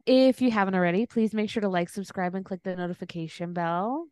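A playful woman podcast co-host with a smooth, resonant voice, recorded close and dry. She throws out deadpan quips and teasing banter. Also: medium pitch, fairly quick, dry recording. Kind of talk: casual chat.

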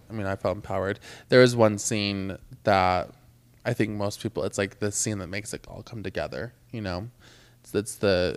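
A man's voice: on the low side, smooth, dry recording. A young man co-hosting a podcast, chatting casually and gushing in agreement. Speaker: podcast co-host. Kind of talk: casual chat.

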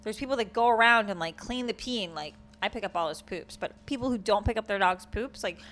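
A woman hosting a podcast, telling animated stories in casual chat and swearing freely. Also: medium pitch, brisk. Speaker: podcast host.

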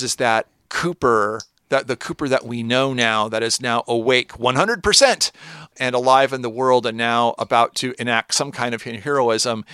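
A man co-hosting a podcast, talking in a thoughtful, speculative way with drawn-out phrasing. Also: mid-range voice, pushed and bright, clear, resonant tone, no echo, clean studio sound. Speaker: podcast co-host. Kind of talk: casual chat.

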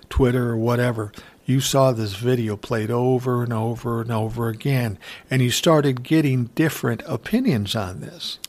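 A man casually retelling an event in unhurried, profane commentary, chuckling now and then. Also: mid-range voice, darkish tone.

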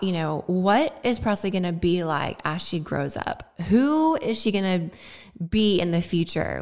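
A young woman hosting a podcast, talking heartfelt and personal about her hopes, at times fighting back tears and laughing through them. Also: lowish voice. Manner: heartfelt, tearful at moments, laughing through emotion. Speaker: podcast host. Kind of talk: personal reflective monologue.

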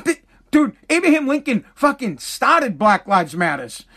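A man's voice: extremely high pitch, big pitch swings, a little slow, pushed and bright, husky. A man delivering a casual ranting monologue, profane and exasperated, full of stumbling restarts, talking into a close mic. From Massachusetts. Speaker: commentator.

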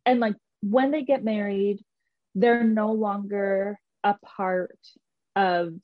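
A young woman in casual chat, relaxed and reflective, with lots of fillers. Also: mid-range voice, takes it slowly, no room sound. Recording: dry, dull lo-fi sound.

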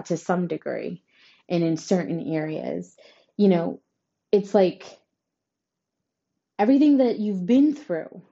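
In a tarot-style horoscope reading to camera, a woman who reads astrology reassures her audience emphatically, frequently adding "right?" Her medium-pitched voice is warm with vocal fry, captured in lo-fi sound.

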